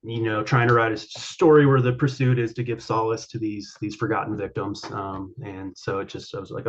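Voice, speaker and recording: A man's voice: lowish voice, little pitch movement, brisk, few pauses, lo-fi sound, slight background noise. A man being interviewed as an author guest, answering at length with many fillers and restarts. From Colorado.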